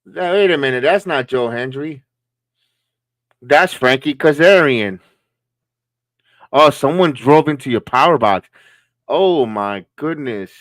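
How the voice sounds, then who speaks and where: Man, casual live-stream commentary, jokey, laughs a lot, medium pitch, dry close mic. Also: lively intonation, takes it slowly, long pauses, a bit bright, dry recording. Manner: chatty, reacting with laughs and jokes. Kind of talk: casual wrestling watch-along commentary.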